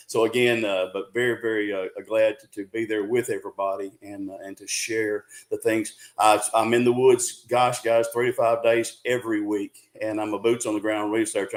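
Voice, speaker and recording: A man's voice: lowish voice, rough recording. Folksy Arkansas man in his sixties. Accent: Southern US, Arkansas. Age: 60s. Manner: folksy, rambling, friendly. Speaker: guest, Bigfoot researcher. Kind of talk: casual interview talk.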